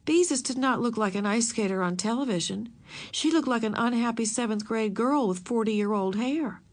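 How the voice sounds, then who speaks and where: Lady reading a kids' book out loud, a bit high voice, nice and expressive. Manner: expressive, measured storytelling. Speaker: narrator. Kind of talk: reading a children's novel aloud.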